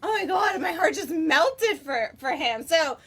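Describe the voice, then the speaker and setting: A woman in her forties chatting as an interview guest, bubbly and quick to laugh. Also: extremely high pitch, lively intonation, fairly bright tone. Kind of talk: casual interview chat.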